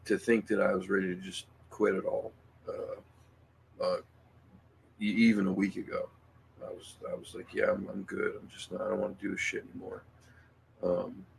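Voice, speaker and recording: A middle-aged man hosting a casual livestream, speaking in an emotional, halting way with many fillers and restarts. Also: low voice, vocal fry, a bit bright, a little hiss or hum. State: emotional, near tears. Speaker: livestream host.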